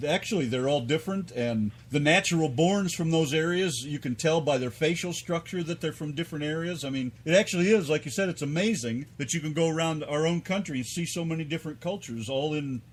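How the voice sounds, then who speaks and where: Male co-host, slightly high voice, chatty and joking. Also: brisk, few pauses, slight background noise. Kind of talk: casual podcast chat.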